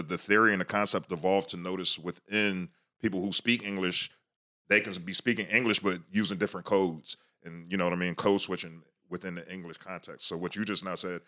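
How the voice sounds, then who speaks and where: A man co-hosting a casual panel discussion, explaining ideas as he thinks them through out loud. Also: low voice. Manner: explanatory, thinks aloud with fillers and restarts. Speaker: podcast co-host.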